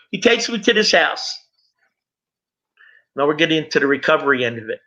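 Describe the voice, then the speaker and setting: A man's voice: fairly high pitch, very animated, fairly quick, long pauses, sharp tone, highs cut off. A middle-aged man sharing his recovery story in an earnest personal testimony, speaking straight to his listeners.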